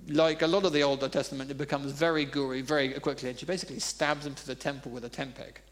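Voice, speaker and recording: A man's voice: fairly high pitch, a bit bright. A man preaching a sermon, telling funny personal stories in a conversational way. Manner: conversational, humorous storytelling.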